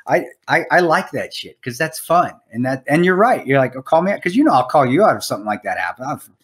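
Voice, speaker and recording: A man's voice: medium pitch, very animated, quick pace, a bit bright. A man co-hosting a podcast in casual chat, rambling and swearing, with lots of restarts. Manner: rambling, profane, restarts a lot. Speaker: podcast co-host.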